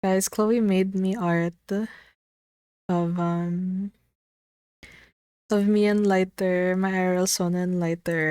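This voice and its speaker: A woman's voice: medium pitch, fairly even intonation, takes it slowly, long pauses, darkish tone, clear, resonant tone, no room sound. A woman streaming from her room, chatting casually with her chat, giggly and gushing, swearing lightly. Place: her own room at home.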